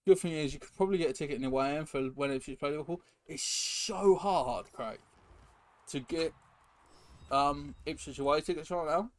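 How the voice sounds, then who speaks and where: Young man, live-stream chat, rambling, reacting to chat, slightly high voice. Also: moderate pace. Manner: rambling, chatty, reacts to chat and game mid-sentence. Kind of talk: casual live-stream chat while gaming. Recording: noisy background hiss.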